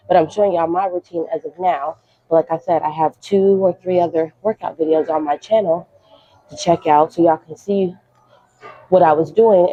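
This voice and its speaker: A woman's voice: fairly low pitch, dark tone, highs cut off. A young woman casually explaining her workout routine while exercising, chatty and out of breath. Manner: chatty, coaching, slangy. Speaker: fitness vlogger.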